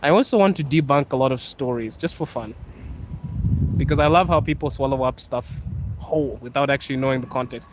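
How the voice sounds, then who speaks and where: A man's voice: medium pitch, brisk, poor audio. A young man hosting a casual live stream outdoors on a city street, talking into a phone at arm's length, reading viewer comments aloud in a laid-back, playful way and laughing often. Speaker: livestream host. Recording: street traffic noise behind.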